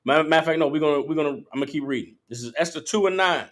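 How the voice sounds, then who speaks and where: High-voiced emphatic preacher-teacher. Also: male voice, racing, hardly any pauses, a bit bright. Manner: emphatic, profane, questioning. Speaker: Bible teacher. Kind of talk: call-and-response scripture teaching.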